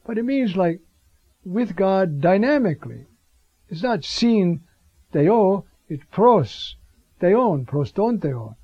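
A man teaching scripture in a reflective way, with frequent rhetorical asides and drawn-out readings of Greek phrases. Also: high-pitched, big pitch swings, slightly rough, dry recording. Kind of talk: bible teaching talk. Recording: dull lo-fi sound.

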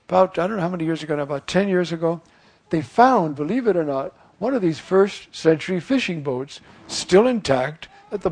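An older priest gives a chatty, informal homily in a slightly higher voice. He acts out the voices of figures he quotes and keeps turning to his listeners with little questions. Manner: conversational, acts out quoted voices, asks listeners "you see?".

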